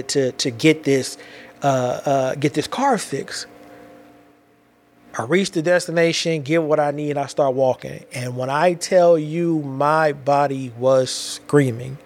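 Animated slangy man telling a story. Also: fairly high pitch. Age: adult with children. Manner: animated, slangy, repeats himself and restarts. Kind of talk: casual personal storytelling.

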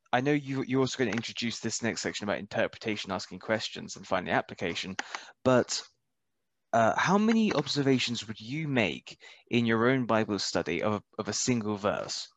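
A man's voice: lowish voice, no room sound. A man in a casual Bible study discussion, thinking aloud and asking the teacher questions. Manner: thinks aloud with fillers and restarts.

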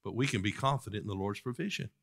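A man's voice: lowish voice, fast talker, creaky, a bit bright. A man preaching a sermon as a pastor, reciting King James scripture with impassioned, soaring rises.

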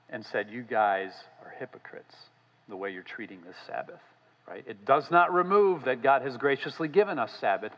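A male pastor preaching a sermon, conversational with many fillers, rising in emphasis on scripture and ending in a quiet, halting prayer. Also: medium pitch, big-room sound, highs cut off.

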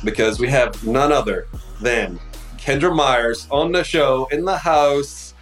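A man's voice: mid-range voice, takes it slowly, faint music behind, rough recording. A man hosting a podcast from a remote session who sounds a little under the weather and introduces guests earnestly, with many fillers. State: slightly sick. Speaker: podcast host. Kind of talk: casual interview intro. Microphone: remote recording.

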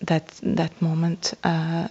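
A woman with a lowish voice tells a personal spiritual story, earnest and awed, and often pauses with soft laughs. The recording is dull and lo-fi. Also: completely flat delivery, breathy edge. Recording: dull lo-fi sound.

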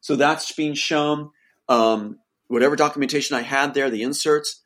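A man's voice: on the high side, steady tone, moderate pace, a bit bright. A man, the guest, telling an emotional personal account in an insistent voice that rises to pleading outbursts.

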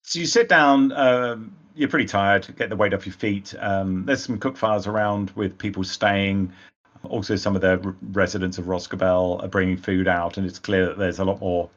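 A man's voice: sits low, normal speed, dull audio. A man narrating as game master of a tabletop game, rambling with frequent hesitations.

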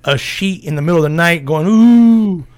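A man's voice: a little high, fairly even intonation, fast talker. A man hosting a podcast, joking loosely and swearing a lot in casual chat. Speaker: podcast host.

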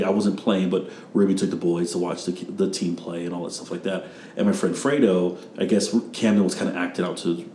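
Low-voiced man, rambling storyteller. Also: warm tone, roomy sound, slight background noise. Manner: rambling storyteller, acts out quotes. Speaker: podcast host. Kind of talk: casual podcast chat.

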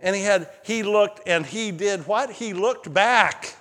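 A man preaching a sermon as pastor, telling stories in an animated way that climbs high when excited. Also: unhurried. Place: church sanctuary. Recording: long hall reverb.

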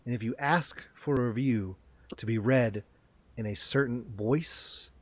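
A man's voice: mid-range voice, measured pace, no echo. A male podcast host talking casually in an upbeat, rambling way with plenty of fillers.

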